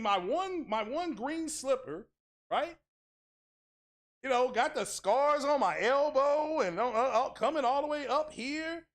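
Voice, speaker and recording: Speaking in an extremely high, slightly bright voice, a man rants casually on his tech channel stream. The tone is sarcastic and mock-outraged, exaggerated, and peppered with crude, blunt street talk.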